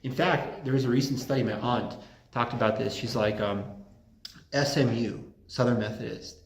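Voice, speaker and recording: A man delivers a relaxed lecture to a small group at a campus center, joking freely and wandering into anecdotes. His mid-pitched voice carries a roomy echo from the space around him. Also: moderate pace. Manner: joking, rambling, fond of anecdotes. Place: room at a campus Catholic center.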